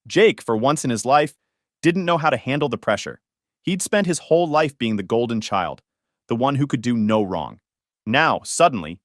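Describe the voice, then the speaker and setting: A man's voice: mid-range voice, fairly bright tone, dry recording, studio quality. A man narrating a first-person story in a conversational way, with wry, sarcastic asides.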